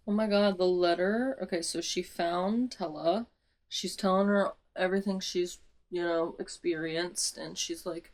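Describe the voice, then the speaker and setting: A woman's voice: lowish voice, fairly even intonation, a little slow, poor audio. Dramatic young woman ranting about a book. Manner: dramatic, swears freely, sudden loud outbursts. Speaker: book vlogger. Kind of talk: casual reread commentary with read-aloud passages.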